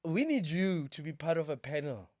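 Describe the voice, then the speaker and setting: A man's voice: on the high side, sing-song, moderate pace, a little mellow, no room sound, studio quality. A South African man in his thirties hosting a casual podcast chat, playful and slangy, given to joking asides. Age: 30s. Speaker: podcast host.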